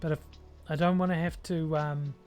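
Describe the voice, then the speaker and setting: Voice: medium pitch, steady tone, normal speed, darkish tone. Rambling New Zealand streamer with faint music. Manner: rambling, many ums, thinks aloud while painting. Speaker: streamer painting miniatures. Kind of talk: casual livestream chat while working.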